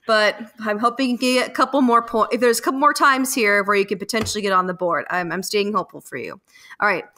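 A woman hosting a casual podcast quiz, reading out the questions and multiple-choice options in a slow, playful way. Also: mid-range voice, pushed and bright. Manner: playful, reads options slowly.

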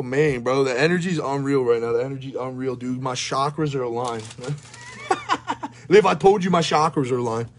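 A man's voice: on the high side, a little hiss or hum. A young man giving hyped, swearing commentary while opening trading card packs, rattling off player names and sounding out of breath. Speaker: card breaker. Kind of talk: live pack-opening commentary.

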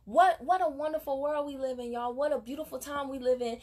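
A woman's voice: high voice, fairly quick, darkish tone. A woman network marketing coach giving an emphatic, preachy motivational talk while unboxing on a casual vlog, recorded on a phone at home. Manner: emphatic, preachy, motivational, addresses viewers as y'all. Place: room at home.

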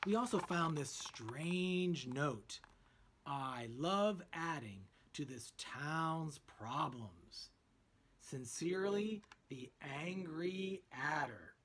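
Plain-spoken cartoon townsman, a man reading him, slow and lively in pitch. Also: husky, full character voice. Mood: matter-of-fact. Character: helpful adult man in a cartoon mystery.

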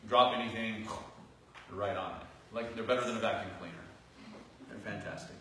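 A male pastor preaching a sermon in a church, earnest, rising into loud emphatic phrases and dropping to soft asides. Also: on the low side, steady tone, normal speed. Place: church sanctuary. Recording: distant, very echoey church hall recording with faint noise.

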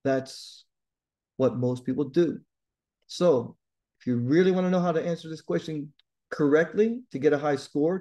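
A male tutor speaking directly to his students in a lesson. His voice sits a bit high and has a warm, mellow tone. He talks with blunt emphasis and keeps pushing them to do well. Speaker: TOEFL tutor.

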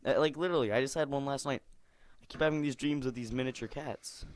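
A young man giving silly, rambling commentary on a game, jumping from mumbles to squealing shouts. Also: mid-range voice, quick pace, a little hiss or hum. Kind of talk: goofy gameplay commentary.

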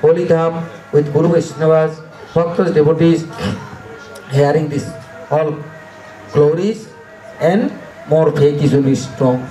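A man's voice: fairly high pitch, a little slow, pauses often, mellow. A man preaching a devotional sermon in broken, emphatic English, repeating short phrases. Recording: echoey room, mic at a distance, faint music.

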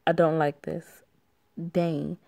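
Young woman reading a wolf story, low gravelly voice, dry close sound, super sassy comments. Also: little pitch movement, slow, mellow, no room sound. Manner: sassy, laughing asides, swears. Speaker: story reader. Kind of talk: reading a story aloud with reactions.

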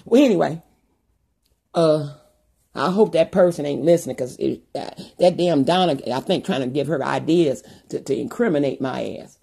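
Very husky, gravelly woman rambling to camera. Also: deep voice, moderate pace, dark tone. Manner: profane, rambling, many restarts and asides. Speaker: YouTuber. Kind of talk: rambling monologue to viewers.

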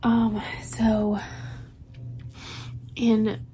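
A woman's voice: a little high, completely flat delivery, drawn-out words, warm tone, slight background noise, rough recording. A woman chatting casually to camera as a book vlogger, rambling with lots of ums and restarts. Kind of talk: casual chat.

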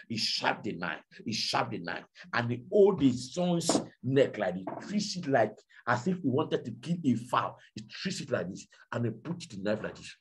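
A man preaching a sermon, telling a story dramatically and swinging from hushed to shouting. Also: medium pitch, sing-song, normal speed. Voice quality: very husky. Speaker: pastor.

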